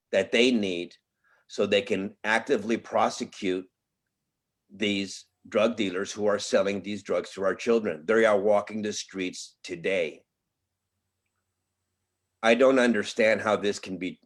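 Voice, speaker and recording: A bereaved father making an emotional public plea at a press conference, his voice pleading and breaking with feeling. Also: fairly low pitch.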